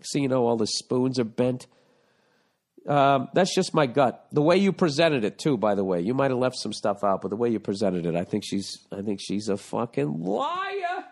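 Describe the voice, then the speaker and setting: A man's voice: medium pitch, very animated, normal speed, creaky. A man hosting a podcast, reading listener letters aloud and giving profane, exasperated comedic advice. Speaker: podcast host.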